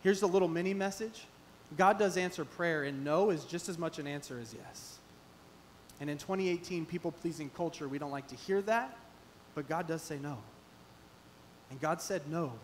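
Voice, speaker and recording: A man preaching a sermon as pastor in a church, animated and acting out the voices he quotes with rising emphasis. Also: sits high, moderate pace, pauses often, slight background noise. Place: church sanctuary.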